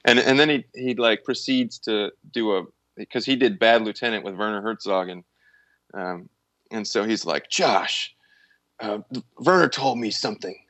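A man's voice: on the low side, moderate pace, dry recording. Guy on a podcast rambling thru stories, lots of restarts, dry close mic. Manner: rambling, animated storyteller with many restarts. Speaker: guest, actor and musician. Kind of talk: casual podcast chat.

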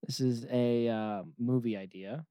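Guy telling a goofy story, rambly, dry close mic, average pitch. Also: steady tone, measured pace, warm tone, smooth, no room sound. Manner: rambling, acts out characters, laughs often. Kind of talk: casual comedic storytelling.

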